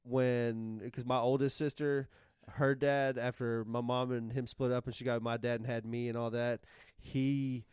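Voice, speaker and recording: A man co-hosting a podcast, telling a personal story in halting, rambling casual chat. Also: mid-range voice, level tone, a little mellow, clear, resonant tone, no echo, clean studio sound. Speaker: podcast co-host.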